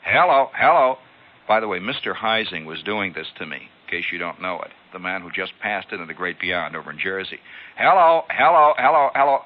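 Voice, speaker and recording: A man's voice: low voice, fairly even intonation, quick pace, hardly any pauses. A man telling a comic story on the radio, acting out scenes with sound effects and voices. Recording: dull lo-fi archival radio broadcast.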